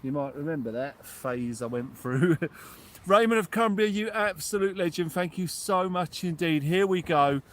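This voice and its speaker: At night on the shore, a man hosts a live fishing stream, giving excitable commentary and thanking his supporters one by one. His voice is fairly high-pitched, at a moderate pace with few pauses.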